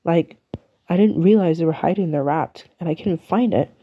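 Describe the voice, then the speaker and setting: A woman's voice: fairly low pitch, moderate pace, slightly rough, narrow, tinny audio. A young woman from the UK with an English accent, chatting and rambling through her solo podcast in a self-mocking way. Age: young adult. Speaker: podcast host. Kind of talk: casual solo podcast chat.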